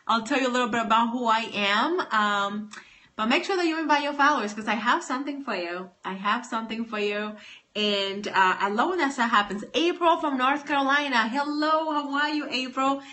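A woman's voice: on the high side, brisk, pushed and bright. A woman greeting her livestream viewers by name in a bubbly, welcoming casual chat. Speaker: livestream host. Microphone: phone or webcam.

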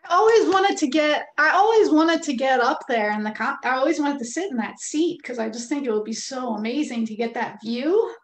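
High-voiced woman in an echoey room. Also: expressive, a little fast. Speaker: co-host. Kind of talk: casual chat.

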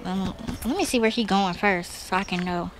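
A woman giving live commentary on a horror game, excitable and cursing, yelling when frightened. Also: medium pitch, moderate pace, noisy background. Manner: talks to herself and the viewers. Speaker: gaming video host. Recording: clear music playing behind.

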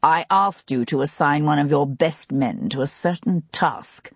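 A woman's voice: sits low, unhurried, slightly rough, dry recording, exaggerated voice. A woman voicing a cold, menacing older nobleman who speaks in curt commands in an audiobook. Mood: cold, commanding.

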